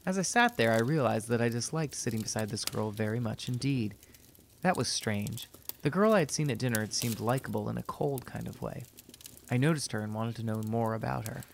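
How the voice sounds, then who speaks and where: A man narrating a story in a steady, measured reading voice. His pitch sits in the middle of the range, and he takes his time over each sentence. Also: creaky, a little hiss or hum.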